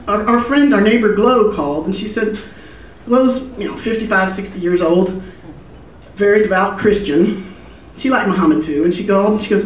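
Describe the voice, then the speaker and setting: A woman's voice: mid-range voice, distant mic, a little hiss or hum. Chatty woman storyteller in a roomy hall. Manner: chatty, self-amused, loose with fillers. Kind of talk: live personal storytelling. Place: small live music venue. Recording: roomy live room heard from afar.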